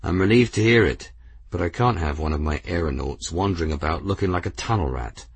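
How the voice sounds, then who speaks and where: A man voicing a composed adult male airship captain in an audiobook, formal, measured and dry. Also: deep voice, creaky, husky, no echo, exaggerated voice. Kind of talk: audiobook character reading.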